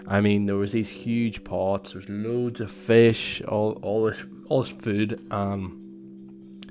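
Low-voiced man rambling a story. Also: level tone, takes it slowly, darkish tone. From Northern Ireland. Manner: rambling, many fillers and restarts. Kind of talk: casual personal storytelling.

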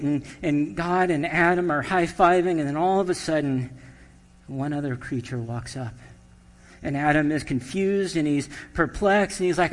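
Slightly high-voiced pastor in an echoey hall. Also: male voice, moderate pace. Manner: conversational, humorous storytelling. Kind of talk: sermon.

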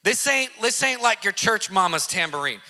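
High, forceful man telling a story. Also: big pitch swings, moderate pace. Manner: emphatic, vivid storyteller who repeats for effect; casual slang. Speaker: Christian activist telling a testimony. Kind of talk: animated testimony storytelling.

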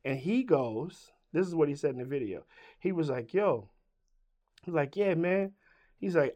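Talking a little slowly with lively intonation, a high-voiced middle-aged man, a rapper from Richmond, Virginia, tells a story as an interview guest. It's animated and full of cursing, and he acts out both sides of each conversation.

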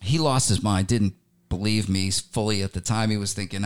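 A man, a musician, telling animated stories about his career in a relaxed interview, with many fillers and restarts. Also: fairly low pitch, normal speed, clear, resonant tone. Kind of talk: storytelling interview talk.

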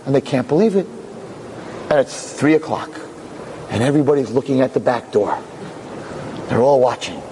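Animated male storyteller, higher voice. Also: slight background noise, poor audio. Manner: lively, acts out every character.

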